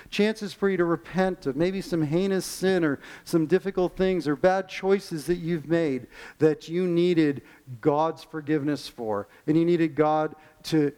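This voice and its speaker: Animated preaching man, higher voice. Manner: animated preaching, acts out quoted voices, slows to stress key lines. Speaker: pastor. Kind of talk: sermon.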